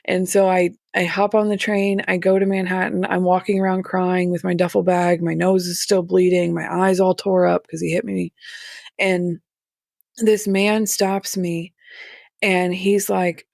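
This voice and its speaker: A woman telling her own story as a podcast guest, candid and halting, with nervous laughs. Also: fairly low pitch, little pitch movement, vocal fry, a little mellow, no echo, studio quality. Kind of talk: personal story in a podcast interview.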